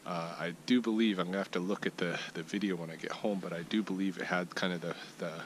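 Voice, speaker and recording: Easygoing man vlogging outdoors, lowish voice. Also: steady tone, fast talker, poor audio. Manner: easygoing, thinks aloud with many fillers and restarts. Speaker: vlogger giving a weekly update. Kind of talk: casual rambling outdoor vlog. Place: outdoors in his backyard brush. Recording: outdoor ambient noise behind the voice.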